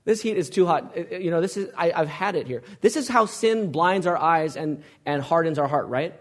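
A man's voice: fairly high pitch, brisk, fairly bright tone. A male pastor preaching a sermon, asking the congregation questions and pressing his points with emphasis.

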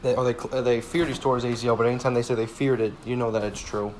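Young man, 20, heated sports rant with profanity and rambling repeats; mid-pitched voice, faint noise behind. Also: little pitch movement, fast talker, darkish tone. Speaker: sports fan vlogger. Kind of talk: casual ranting monologue.

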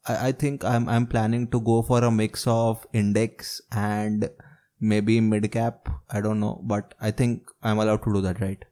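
A man's voice: lowish voice, flat delivery, unhurried, dark tone. A man hosting a casual podcast, agreeing often and asking follow-up questions. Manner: agreeable, frequent affirmations, probing questions. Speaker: podcast host.

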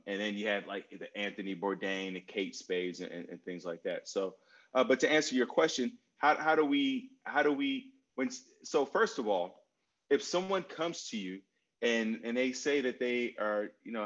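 A man in his forties answering a question in a relaxed interview, telling stories and repeating key phrases with many fillers. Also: mid-range voice, lo-fi sound. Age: 40s. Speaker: guest speaker on mental health.

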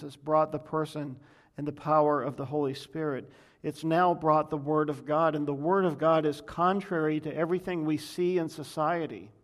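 Emphatic preaching man, slightly high voice. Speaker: pastor. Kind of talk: sermon.

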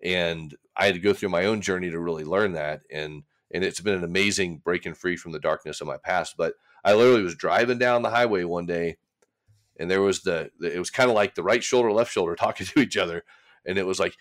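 Talking fast in a low voice, a man who works as a recovery coach rambles candidly as a guest on a casual podcast. He often voices his own inner thoughts aloud as if acting them out.

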